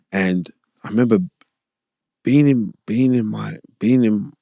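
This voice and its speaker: Middle-aged podcast guest, gravelly and low, animated and rambling. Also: male voice, normal speed, no echo. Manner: animated, streetwise, rambling, repeats himself. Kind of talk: casual storytelling interview. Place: podcast studio.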